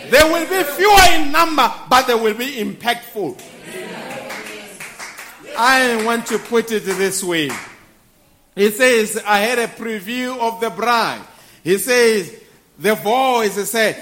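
A man preaching a sermon to a congregation, building to shouted peaks and then dropping soft and low.

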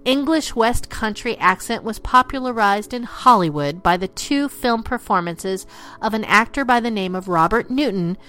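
Woman podcast host reading her script, voice bounces up and down a lot, calls listeners darlings. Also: medium pitch. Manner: lively, affectionate sign-off. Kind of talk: scripted narration.

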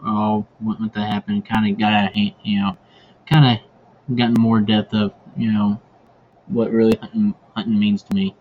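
This podcast host rambles through casual stories, his speech packed with fillers and restarts. He has a low voice that barely moves in pitch and keeps a moderate pace, captured on a dull lo-fi recording with faint background noise.

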